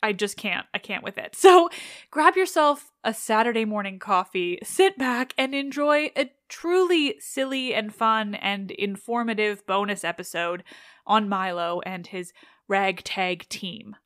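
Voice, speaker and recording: A woman's voice: medium pitch, animated, a little slow, a bit bright, dry recording. Chatty woman podcast host, dry close sound. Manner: enthusiastic, ranting, swears casually. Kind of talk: casual podcast chat.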